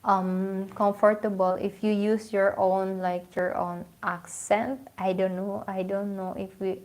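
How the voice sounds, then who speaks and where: A woman's voice: medium pitch, little pitch movement, a little slow, darkish tone. Chatty Filipino-accented woman. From Philippines. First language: Filipino language. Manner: chatty, many fillers and restarts, lots of "you know". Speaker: livestream host. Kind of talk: casual livestream chat.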